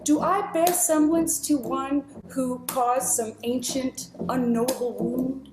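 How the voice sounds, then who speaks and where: A woman performing poetry in a slow, theatrical, savoring delivery, recorded through earbuds. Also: steady tone. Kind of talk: poetry performance over bass. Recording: echoey room with loud bass music. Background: live bass guitar.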